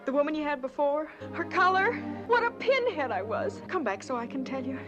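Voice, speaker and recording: A woman's voice: high voice, very animated, brisk, highs cut off, over loud music. An actress playing an earnest young woman who pleads emotionally with the man she loves, in a 1950s movie musical. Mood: pleading. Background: film score.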